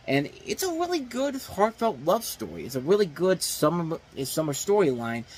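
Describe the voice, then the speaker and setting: The recording is rough, with slight background noise, as a man with a slightly high voice reviews movies at a moderate pace. He talks casually and rambles, restarting often, leaning on fillers, and emphasizing points with animation.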